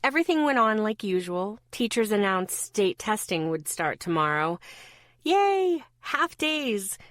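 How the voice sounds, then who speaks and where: A woman's voice: mid-range voice, moderate pace, fairly bright tone, no echo. Woman reading an audiobook, upbeat and playful, dry studio sound. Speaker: audiobook narrator. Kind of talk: first-person audiobook narration.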